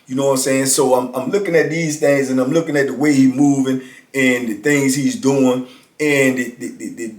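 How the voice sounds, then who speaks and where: With medium pitch, a steady tone and moderate pace, a man in his fifties recounts prison life in a casual, conversational way. "You know what I'm saying" comes up often, and there's roomy echo around him.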